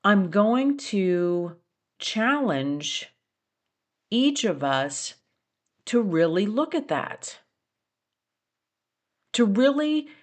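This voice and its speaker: A woman's voice: mid-range voice, darkish tone. A middle-aged woman hosting a solo podcast, talking earnestly and challenging listeners with pointed questions. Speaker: podcast host. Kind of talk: reflective solo podcast talk.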